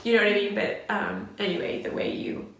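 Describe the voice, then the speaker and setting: A middle-aged woman from Southern California tells her story candidly, full of restarts and fillers, at an ordinary pitch. The room around her rings with strong echo. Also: fairly even intonation, fairly quick, creaky, a bit bright. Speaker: host. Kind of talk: emotional personal storytelling. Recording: very echoey room.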